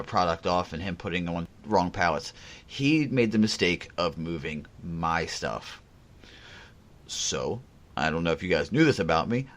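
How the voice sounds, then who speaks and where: Deep-voiced, blunt male podcast host. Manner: blunt, profane storyteller. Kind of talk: casual podcast chat.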